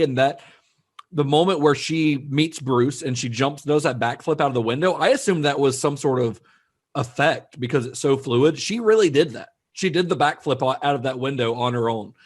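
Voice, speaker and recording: A man's voice: medium pitch, brisk. A man co-hosting a casual film discussion podcast, chatty, with frequent fillers and restarts. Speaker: podcast co-host.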